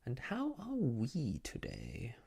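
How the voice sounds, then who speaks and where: A man voicing a fussy, doting, rich older lady with a high, sing-song way of calling out, in a storybook reading. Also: wildly swooping pitch, slow, gravelly, darkish tone, husky, heavily acted. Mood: chirpy.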